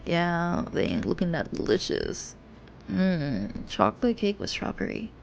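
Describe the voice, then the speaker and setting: A woman's voice: fairly low pitch, big pitch swings, measured pace, vocal fry, a little mellow, muffled recording, slight background noise. A young woman streamer reading a romance game aloud. She giggles and drifts into rambling asides. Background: game music.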